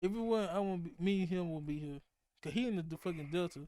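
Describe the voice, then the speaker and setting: A young man with a Mississippi accent hosting a casual podcast chat, talking fast, laughing often and cursing freely. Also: sits high, mellow. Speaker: podcast host.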